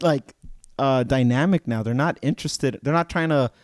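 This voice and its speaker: Animated man telling stories on a podcast. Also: medium pitch, moderate pace, no echo, studio quality. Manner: animated storyteller, acts out dealer dialogue. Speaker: podcast co-host. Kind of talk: casual chat.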